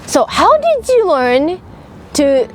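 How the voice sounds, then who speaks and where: A young woman speaking English as a second language, eager and giggly, with halting phrasing. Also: high voice, sing-song, a little hiss or hum. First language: Japanese. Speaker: guest. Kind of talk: casual chat.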